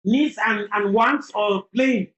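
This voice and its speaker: A woman's voice: medium pitch, takes it slowly, dull audio. A woman teaching young children in a classroom, coaxing them and repeating prompts for them to echo back. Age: adult. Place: classroom in a temporary learning center. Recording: echoey room with faint noise.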